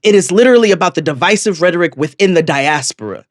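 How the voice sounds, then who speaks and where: A woman's voice: fairly low pitch, animated, quick pace. A woman co-hosting a podcast, blunt and heated, swearing freely in casual chat. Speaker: podcast co-host.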